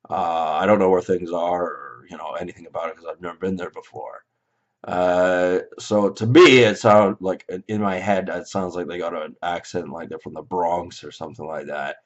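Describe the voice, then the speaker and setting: A Canadian man recounting a dream in a rambling, hesitant way, full of fillers and restarts. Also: sits low. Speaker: vlogger. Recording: slightly dull lo-fi audio.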